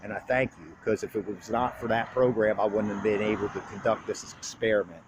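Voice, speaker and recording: A man's voice: lowish voice, steady tone, brisk, background noise. A young man in recovery giving an earnest, plain-spoken personal monologue in blunt, casual street talk, open about his feelings. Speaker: recovery speaker.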